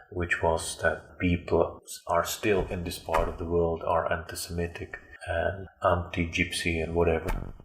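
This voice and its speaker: Deep, flat-voiced man telling his story. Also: reverberant. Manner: halting, with frequent fillers and restarts. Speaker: interview guest. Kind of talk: personal storytelling.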